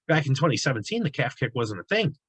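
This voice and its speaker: A man breaks down fight bets in a loose, conversational way, often restarting his sentences and dropping fillers. His voice sits at an ordinary pitch, and the recording is dry and close, with no room sound. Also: sing-song, fast talker, fairly bright tone, breathy edge, no room sound, rough recording. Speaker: sports betting analyst. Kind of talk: casual sports betting analysis.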